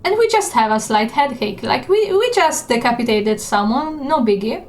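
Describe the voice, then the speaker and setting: A woman streamer giving gaming stream commentary, chatty and unhurried with many fillers. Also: sits high, lively intonation. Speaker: game streamer.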